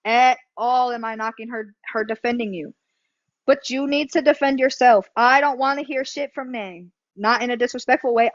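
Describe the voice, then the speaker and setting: A woman speaks in a high voice, bluntly and emphatically, cursing and repeating her points as a livestream host. The sound is close and dry, slightly dull and lo-fi. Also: fairly bright tone, no room sound. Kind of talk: heated livestream talk.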